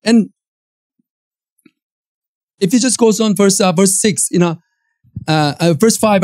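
A male pastor with a Korean accent preaching a sermon in a church, emphatic and animated, with frequent fillers and restarts. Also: high-pitched, measured pace, pauses often, dry recording. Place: church auditorium.

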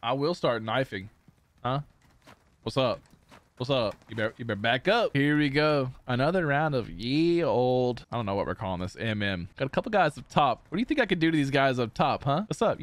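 A young man streaming a shooter game, giving live gameplay commentary with playful taunts and sudden excited yells. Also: mid-range voice, normal speed. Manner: excitable, taunting banter with bursts of yelling. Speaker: gaming streamer.

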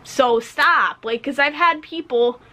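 A woman's voice: high voice, slow. A young woman in her twenties, a podcast co-host, ranting bluntly and with plenty of swearing in casual talk. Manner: blunt, profane, animated storytelling. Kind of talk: casual rant.

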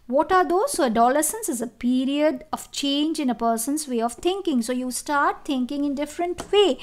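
A woman with a high voice teaches a biology lesson. She explains each point step by step, with fillers and restarts along the way. She often turns to ask the class questions. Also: expressive, normal speed. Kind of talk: classroom lecture.

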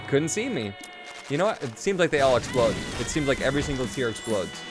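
A young man commenting on his own game run, excitable, swinging from quick mumbles to loud whoops and swearing freely. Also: mid-range voice. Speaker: gaming YouTuber. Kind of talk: Let's Play commentary. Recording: game music playing behind.

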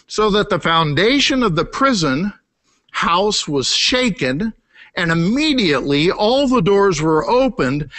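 A middle-aged man preaching a sermon, emphatic, repeating key words, climbing high for emphasis and then dropping low and quiet. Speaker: pastor. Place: church sanctuary.

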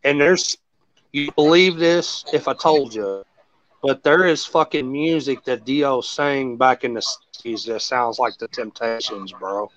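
Talking a little slowly in a medium-pitched voice, this man hosts a casual chat, wandering off track and cursing as he spins lively stories. The audio is lo-fi, with no room sound.

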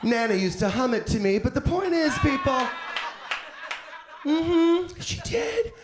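A man's voice: very high voice, lively intonation, fairly quick. A man doing a brash, profane stand-up set, campy and theatrical, slipping into put-on voices. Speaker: stand-up comedian. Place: comedy club stage. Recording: echoey club with audience noise. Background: audience laughter.

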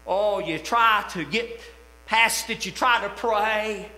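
Preacher man, high bright voice, impassioned sermon, booming church reverb. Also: takes it slowly. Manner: impassioned preaching that swells to shouts. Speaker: pastor. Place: church sanctuary. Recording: echoey church hall with long reverb.

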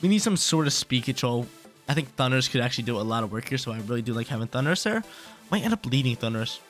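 Lively excitable young man commentating a game. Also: mid-range voice, rapid-fire, faint music behind. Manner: excitable, repeats himself, talks to himself. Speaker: gaming YouTuber.

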